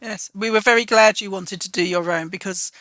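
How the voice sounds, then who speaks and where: Female publisher, bright tone, dry close sound, chatty and animated storyteller. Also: mid-range voice, fairly quick, dry recording. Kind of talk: casual conversation.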